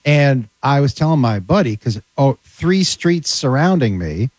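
A man's voice: mid-range voice, very animated, a little slow, a little mellow, dry recording. A man telling comic stories in casual chat, acting out the voices of people he quotes. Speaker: comedian guest.

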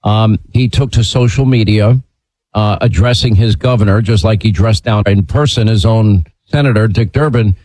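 A man hosting a talk radio show, speaking in a brisk, emphatic way. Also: lowish voice, a little mellow, dry recording, rough recording.

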